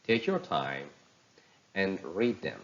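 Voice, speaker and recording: A man teaching English pronunciation, reading practice words slowly and clearly for learners to repeat. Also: low-pitched, expressive, muffled recording. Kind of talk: slow teaching with drills.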